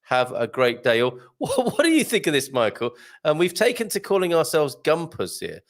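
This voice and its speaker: A man's voice: on the high side, huge pitch swings, normal speed. A man hosting a live online morning show, chatting and jokily reading viewer comments aloud. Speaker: host.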